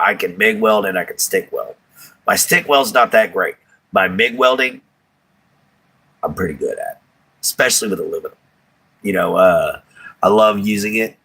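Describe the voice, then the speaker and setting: A man with a drawl talks loosely to his live viewers, rambling in a folksy way and chuckling often. His voice sits low and comes out husky. He speaks with a forceful, bright edge. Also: rough recording. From Texas. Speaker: livestream host. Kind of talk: casual chat with live viewers.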